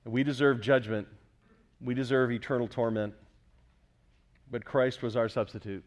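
A man's voice: mid-range voice, fairly even intonation, moderate pace, highs cut off. A man preaching a sermon with emphasis, often putting questions to the congregation. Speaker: pastor.

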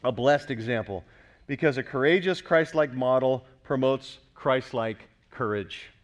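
A man's voice: mid-range voice, measured pace. A man preaching a sermon with emphasis, often putting questions to the congregation. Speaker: pastor.

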